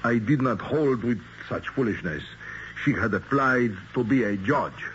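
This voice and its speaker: A man's voice: medium pitch, unhurried, a bit bright, slight background noise, lightly acted. An actor playing a broken, guilt-ridden husband who pleads and halts as he searches for words, in a 1970s radio drama. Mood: remembering. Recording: dull lo-fi 1970s radio recording.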